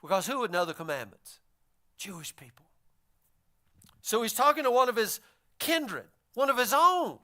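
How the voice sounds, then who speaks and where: Lively high-voiced preacher man. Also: normal speed, long pauses. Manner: animated storytelling, acting out voices of the figures. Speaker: pastor. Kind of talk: sermon.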